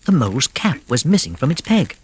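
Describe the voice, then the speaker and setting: Expressive storybook narrator. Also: medium pitch, a little fast, heavy background noise. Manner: expressive, with whispered suspense. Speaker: audiobook narrator.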